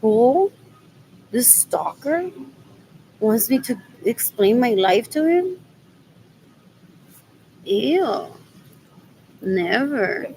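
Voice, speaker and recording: Rambling woman, higher voice. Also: very animated, extremely slow, creaky, pauses often, warm tone, slight background noise, low-quality recording. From Puerto Rico. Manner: rambling, mixes English and Spanish, repeats "what else" over and over. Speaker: vlogger. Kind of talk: rambling personal vlog. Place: out and about running errands.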